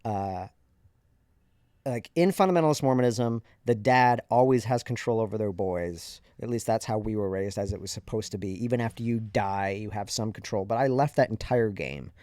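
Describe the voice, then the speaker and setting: Candid low-voiced man telling a story. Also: normal speed, darkish tone, dry recording, studio quality. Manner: candid, reflective, conversational. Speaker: podcast host. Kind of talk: personal storytelling monologue.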